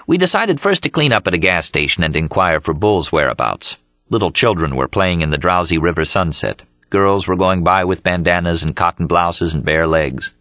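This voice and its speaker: A man narrating an audiobook in a steady, measured reading. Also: deep voice, no echo, studio quality. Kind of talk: scripted narration. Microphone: studio mic.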